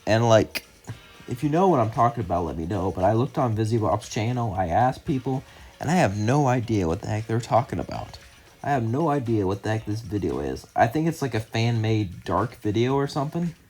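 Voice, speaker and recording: Low-voiced young man rambling through a fan story. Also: lively intonation, a little fast, darkish tone, husky, soft background music. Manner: loose run-on narration, many "as" and "would say" links; chatty and rambling in the outro, many fillers. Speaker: channel narrator. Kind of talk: casual fan-fiction storytelling.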